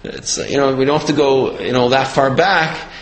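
A man telling a religious lesson as a story, talking haltingly with many fillers and restarts. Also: medium pitch, steady tone. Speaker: religious teacher. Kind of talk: storytelling sermon. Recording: roomy echo.

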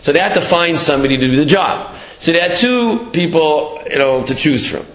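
A man's voice: a little high, lively intonation, brisk, a bit bright. A man giving a casual, storytelling Torah talk, sprinkling in Hebrew and Yiddish terms with many fillers. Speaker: Torah teacher. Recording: echoey dull lo-fi room.

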